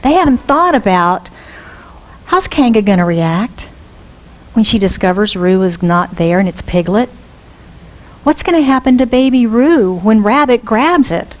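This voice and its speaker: A woman minister giving a storytelling sermon, lively and asking the congregation questions. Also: mid-range voice, a little slow. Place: church.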